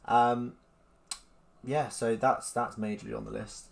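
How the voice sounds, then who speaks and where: A man's voice: mid-range voice, little pitch movement, unhurried, vocal fry. A man hosting a livestream, chatting casually with lots of ums and reading out viewer comments. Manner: rambling, lots of ums, mock-incredulous asides. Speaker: livestream host.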